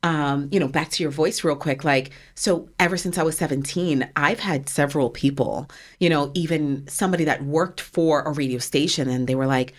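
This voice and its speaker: Woman, forties, New Jersey accent, fairly low voice, animated, emphatic co-host. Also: moderate pace, few pauses. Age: 40s. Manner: animated, emphatic, repeats words. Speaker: podcast co-host. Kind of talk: casual chat.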